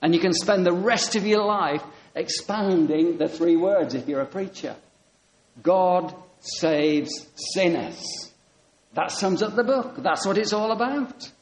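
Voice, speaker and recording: Animated preacher, higher-pitched man. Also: slow, rough recording. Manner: animated, storytelling with quoted dialogue. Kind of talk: sermon.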